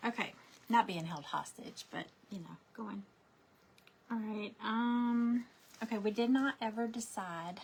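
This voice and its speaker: A woman's voice: mid-range voice, a little slow, gravelly, darkish tone, slight background noise. A woman, chatting casually while she crafts, rambling through stories with lots of fillers and restarts. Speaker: crafting vlogger.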